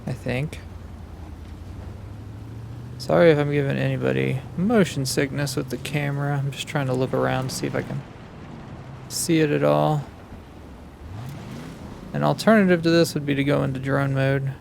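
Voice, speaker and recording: A man, the host of a gaming channel, giving relaxed gameplay commentary and thinking aloud as he plays. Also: mid-range voice, normal speed, vocal fry, pauses often, slight background noise. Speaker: gaming YouTuber.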